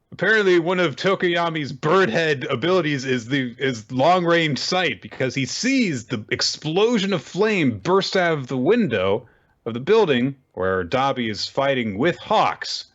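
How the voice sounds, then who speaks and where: A man's voice: fairly high pitch, measured pace, dull audio. A man co-hosting a casual chat, animatedly retelling scenes and acting out the quoted lines. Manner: animated storyteller who acts out quoted lines. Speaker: podcast co-host recapping manga.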